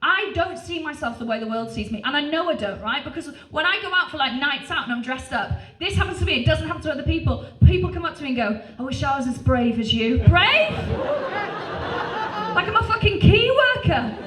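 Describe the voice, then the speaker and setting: A woman's voice: high voice, fast talker, few pauses, fairly bright tone, slight background noise. A woman performing a stand-up comedy set on a club stage, brash and punchy, swearing freely between bursts of crowd laughter. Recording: roomy live venue, distant, crowd laughter.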